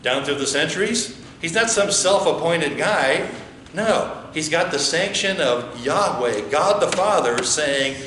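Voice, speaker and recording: Male American pastor, slightly higher voice, chatty sermon full of questions, echoey church room. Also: lively intonation, normal speed, fairly bright tone, a little hiss or hum. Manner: conversational, asks the congregation questions. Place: church sanctuary. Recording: echoey church with faint ambience.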